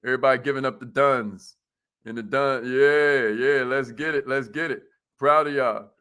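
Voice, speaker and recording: A man's voice: mid-range voice, normal speed, a bit bright, smooth. A man hosting a casual motivational live stream, hyped and slangy, repeating his phrases and laughing often.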